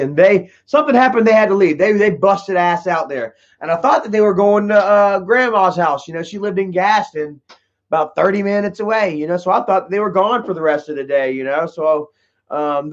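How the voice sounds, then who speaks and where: High-voiced man telling profane stories. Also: muffled recording. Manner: rambling, heavy swearing, frequent "you know" and "bro". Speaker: livestream host answering chat. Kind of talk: casual profane storytelling.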